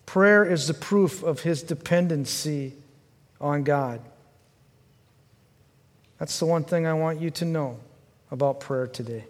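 High-voiced, slow-preaching pastor. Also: male voice, long reverb tail. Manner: earnest and questioning, rising to fervent pleading then dropping low. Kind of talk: sermon.

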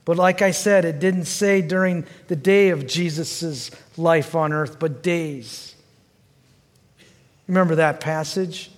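A male pastor preaching a sermon, asking the congregation questions and swinging from fervent pleading to quiet, low reflection. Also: steady tone, unhurried, hardly any pauses, big-room sound. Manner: earnest and questioning, rising to fervent pleading then dropping low.

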